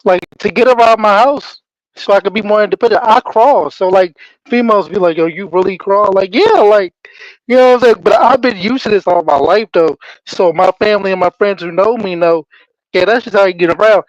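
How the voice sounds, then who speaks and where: A man's voice: sits high, a little fast, no room sound. A man speaking as a podcast guest over a remote call, laid-back and matter-of-fact, with dull lo-fi call audio. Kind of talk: casual podcast chat. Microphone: remote streaming call.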